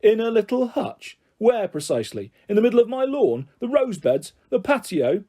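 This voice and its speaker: Guy putting on a sneering bully dad, fake-friendly then nasty, raised mellow voice. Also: high-pitched, very animated, normal speed, pitched above the performer's own voice. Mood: menacing. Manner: taunting, mock-jovial then harsh. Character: bullying middle-aged father, menacing and sneering.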